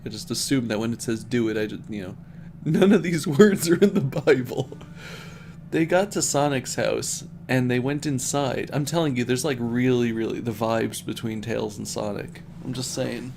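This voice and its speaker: A man's voice: mid-range voice, moderate pace, vocal fry, a little mellow, slight background noise. A man on a stream reading bad fan fiction aloud as comedy, often laughing and breaking off to mock the text.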